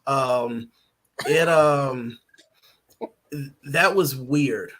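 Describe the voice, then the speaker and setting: A man's voice: mid-range voice, drawn-out words, fairly bright tone. A man who is a writer and guest on a podcast, chatting casually, rambling with lots of ums and little laughs.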